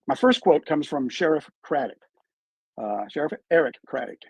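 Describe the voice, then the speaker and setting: A man's voice: a little high, lively intonation, moderate pace, slightly rough, no room sound, low-quality recording. A man giving true crime commentary on a live stream, emphatic and full of rhetorical questions, played back from his stream.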